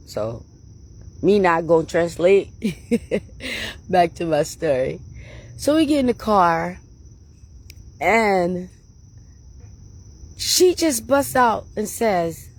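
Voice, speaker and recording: A woman hosting her own channel, telling stories to her viewers in a casual, animated way, laughing often and calling them y'all. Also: sits low, takes it slowly, long pauses. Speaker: channel host.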